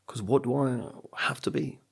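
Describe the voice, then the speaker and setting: Gravelly and husky, this middle-aged man's mid-range voice moves at a moderate pace as he reflects on his life on a podcast. A coach and speaker, he tells personal stories with earnest motivation, performing quotes as he goes.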